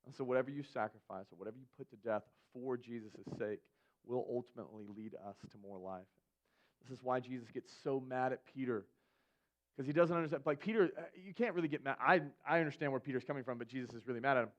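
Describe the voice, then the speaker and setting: A young adult man, a youth pastor, giving a sermon in a casual, animated storytelling way. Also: medium pitch, quick pace.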